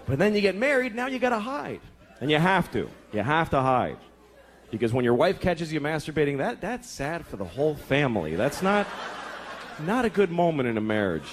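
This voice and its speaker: A man's voice: fairly high pitch, big pitch swings, moderate pace, slight background noise. A man in his thirties doing a crude, exasperated stand-up routine on a club stage, acting out voices. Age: 30s. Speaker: stand-up comedian. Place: comedy club stage with audience. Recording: live club recording, loud crowd laughter.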